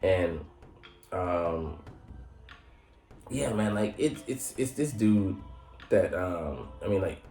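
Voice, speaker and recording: A man giving a casual, slangy recap of an anime episode. He laughs often and jumps into high mock voices. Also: animated, takes it slowly, pauses often, a little mellow. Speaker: anime reviewer. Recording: roomy echo with faint music.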